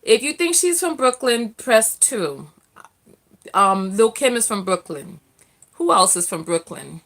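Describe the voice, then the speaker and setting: A young woman from the Bronx, hosting a casual live call-in chat, chatty and quick to laugh while reading viewer comments aloud. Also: mid-range voice, very animated, fairly bright tone. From the Bronx, New York. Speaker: live stream host.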